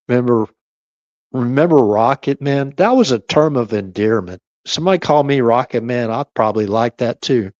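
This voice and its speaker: A man's voice: mid-range voice, expressive, unhurried, long pauses, a little mellow, no room sound, muffled recording. A man hosting a late-night live stream, rambling and chuckling to himself and keeping his voice down at times. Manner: meandering, chuckling, talks half to himself; keeps voice down at times.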